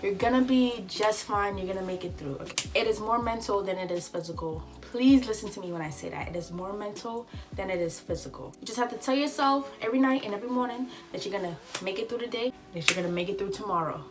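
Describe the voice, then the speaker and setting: A young woman telling an animated, chatty storytime vlog with advice for listeners. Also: medium pitch, fast, hardly any pauses. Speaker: vlogger. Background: faint background music.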